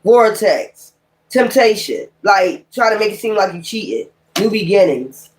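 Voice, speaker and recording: A woman's voice: medium pitch, expressive, unhurried, a little hiss or hum. A woman giving a casual tarot card reading in a blunt, exasperated, profane manner, with slangy, rambling street talk. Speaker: tarot reader.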